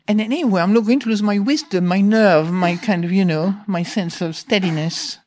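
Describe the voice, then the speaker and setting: A woman with a mid-pitched voice gives a relaxed dharma talk to her students. She tells her story with humor, laughs often, and mocks the chatter of her own mind. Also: moderate pace, a little hiss or hum. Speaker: meditation teacher.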